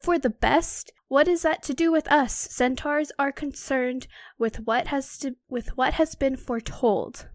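Woman reading as an angry male centaur, harsh, scolding, a bit high, dry close sound. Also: unhurried, dry recording.

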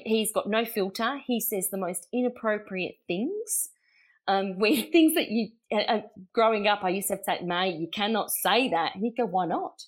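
A middle-aged woman with an Australian accent, telling personal stories as a guest in a casual chat, laughing often and acting out what people said. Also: medium pitch. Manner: chatty, laughing, acts out quotes. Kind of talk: casual anecdotal storytelling.

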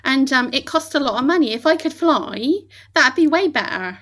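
Chatty higher-voiced woman. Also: lively intonation, normal speed, a bit bright. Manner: chatty, laughs often, trails off mid-sentence. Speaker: podcast co-host. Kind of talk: casual chat reviewing a movie.

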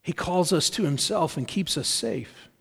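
Earnest, fairly high-voiced male preacher. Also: lively intonation, vocal fry, fairly bright tone, husky. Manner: earnest, measured preaching with emphatic repetition. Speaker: pastor. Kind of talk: sermon.

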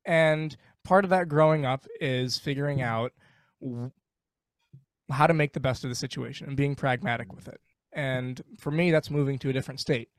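A man's voice: mid-range voice, normal speed, no echo, studio quality. A man speaking as a guest on a podcast, ranting bluntly and with animation in casual conversation.

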